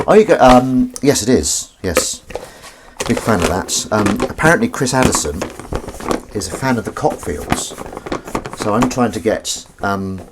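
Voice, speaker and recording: A man with a fairly low voice hosts a casual livestream from his home kitchen, washing dishes while he chats with viewers. He cracks puns and pokes fun at himself, and there's a lot of background noise.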